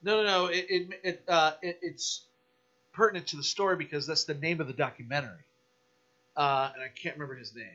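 A man guesting on a podcast, telling a story in a casual, animated, profane rant. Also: on the high side, brisk, dull audio, faint music behind.

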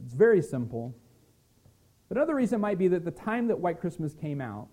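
A male pastor delivering a sermon in an earnest, gentle way. His voice sits a bit high for a man yet sounds mellow and warm. He now and then restarts a word as he speaks.

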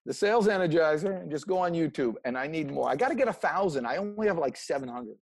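High, lively motivational man. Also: fast talker. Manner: energetic, preachy motivational delivery. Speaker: interview guest, sales motivator. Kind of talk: casual interview talk.

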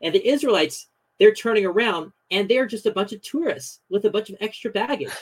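A young man, a guest on a podcast, telling a story in a casual, animated way with lots of fillers. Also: high-pitched, brisk, rough recording.

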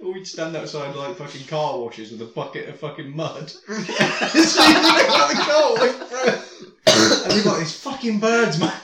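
A man co-hosting a podcast in casual chat, crude, laughing and excitable as he retells sketches. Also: a little high, moderate pace, roomy sound, a crowd in the background. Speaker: podcast co-host.

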